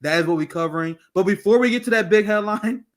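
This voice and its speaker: A man co-hosting a political commentary show, with a notably high voice. He talks bluntly and profanely, riffing on the news. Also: fast talker. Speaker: co-host.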